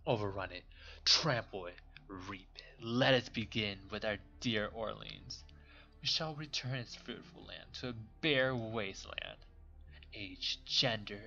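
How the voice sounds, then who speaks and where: A man reading game dialogue aloud as a cold, vengeful woman saint turned witch, slow, mocking and commanding. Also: fairly low pitch, pushed and bright. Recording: dull lo-fi with faint music.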